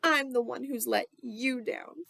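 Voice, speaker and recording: A woman reading the part of a brisk, fussy mother in a storybook. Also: a little high, gravelly, a bit bright, no room sound, pitched above the performer's own voice, full character voice. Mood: gentle. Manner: brisk and scolding.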